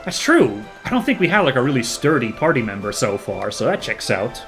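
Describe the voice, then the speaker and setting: A man narrating his own playthrough in a loose, chatty way. His pitch moves about a lot and his sentences wander through fillers. Faint game music plays in the background. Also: sing-song, fairly quick, hardly any pauses, fairly bright tone, low-quality recording. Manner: chatty, musing, lots of fillers. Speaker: let's play host. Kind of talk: casual gameplay commentary.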